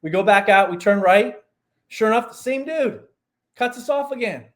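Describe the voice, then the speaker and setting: A man, a performance coach guest on a podcast who explains ideas through lively stories and examples. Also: high voice, normal speed. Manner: animated storyteller, explains with examples and asides. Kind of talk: casual podcast conversation.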